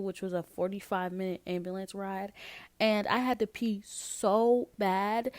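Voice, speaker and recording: A woman's voice: medium pitch, no echo. A young woman talks through a personal story for her podcast, candid and emotional, dropping "like" between phrases. Her voice sits in a middle register, and the recording is dry, with no room around it. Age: young adult. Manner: emotional, candid, with frequent fillers like "like". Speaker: podcast host. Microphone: changed to a lower-quality mic partway.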